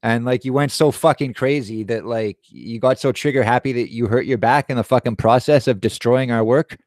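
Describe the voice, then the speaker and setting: A man's voice: medium pitch, moderate pace, a little mellow, no room sound, studio quality. A young man hosting a show, telling a personal story in a heated, profane casual rant. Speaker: show host. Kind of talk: casual live-stream rant.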